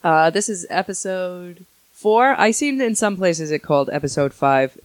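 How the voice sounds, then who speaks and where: A woman co-hosting a podcast in a casual chat, chatty and animated, often giggling. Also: on the low side, normal speed, dry recording. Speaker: podcast co-host.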